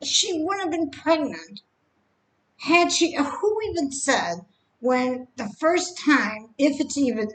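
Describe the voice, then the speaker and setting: A woman giving opinionated reaction commentary, often halting and restarting, and stressing that her views are only her own. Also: high-pitched, expressive, rough recording.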